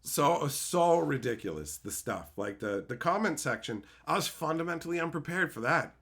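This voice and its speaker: A man telling a profane, animated story in a casual rant on his video channel, laughing often. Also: fairly high pitch, moderate pace, vocal fry, husky. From Canada. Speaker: YouTube host.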